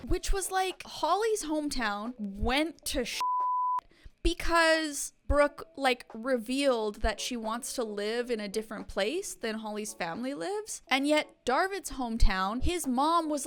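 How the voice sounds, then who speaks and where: High, chatty woman reacting to TV. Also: lively intonation, a little slow, a bit bright. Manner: chatty, playful, teasing. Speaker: YouTuber reacting to a reality show. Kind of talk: casual reaction commentary.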